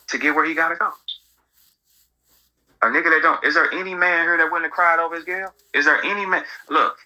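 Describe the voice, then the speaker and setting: A man hosting casual commentary, telling stories in an animated, profane way. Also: on the high side, rough recording. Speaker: host.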